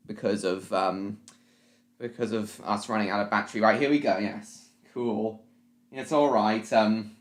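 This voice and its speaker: A man's voice: fairly low pitch, reverberant. A man hosting a live stream from home at his laptop, rambling, apologising and answering his chat by name in a casual way. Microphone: laptop mic.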